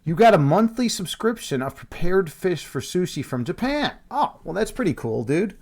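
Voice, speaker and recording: A man's voice: sits high, very animated, moderate pace, darkish tone. A man hosting a casual Halloween stream, rambling and joking with his chat and laughing at himself, on a desk microphone at home. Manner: rambling, jokey, self-mocking, laughs often.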